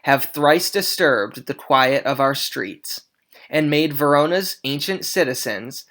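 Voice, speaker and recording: A stern prince hands down his sentence in a declaiming voice, read aloud by a teacher in class. The reading is steady and plain, with small slips now and then. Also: mid-range voice, takes it slowly.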